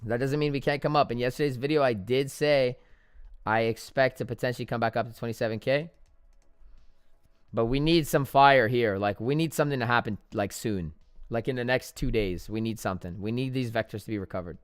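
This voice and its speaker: A man's voice: medium pitch, brisk, smooth, dry recording, studio quality. A young man chatting casually on a live trading stream, joking and making fun of himself as he goes. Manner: chatty, joking, self-deprecating.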